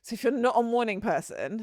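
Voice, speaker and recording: A young woman co-hosting a podcast in casual chat, animated and laughing often as her sentences tumble out. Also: on the high side, no echo, studio quality. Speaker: podcast co-host.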